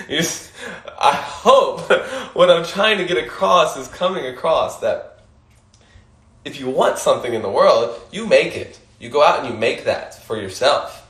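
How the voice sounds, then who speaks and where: A man's voice: on the high side, fairly bright tone, roomy sound. A man hosting an Instagram Live, giving a casual motivational monologue, emphatic and swearing casually, often laughing and repeating his points.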